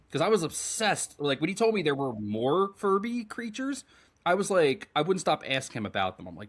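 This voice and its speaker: A man co-hosting a podcast in casual chat, animated and rambling, swearing freely. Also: on the high side, brisk. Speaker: podcast co-host.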